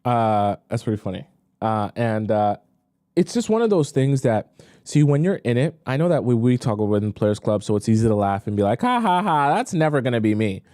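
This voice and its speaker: A man's voice: lowish voice, lively intonation, a little fast, warm tone, no echo, clean studio sound. A young man, a dating coach, giving blunt commentary on a livestream. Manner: blunt, talks straight to women viewers.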